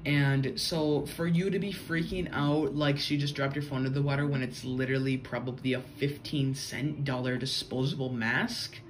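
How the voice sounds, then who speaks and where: A young man rambles through a casual story-time vlog, chatty and loose, packing in fillers and saying "bro." His voice sits on the high side, with a little hiss or hum in the audio.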